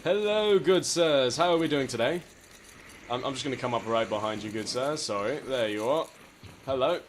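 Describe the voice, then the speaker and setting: A man putting on a courtly gentleman duelist. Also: mid-range voice, moderate pace, a little hiss or hum, close to an everyday voice. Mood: courtly, boisterous. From California. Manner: formal, courtly, keeps saying good sir. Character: overly polite old-fashioned male gentleman duelist. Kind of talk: in-game voice chat role-play.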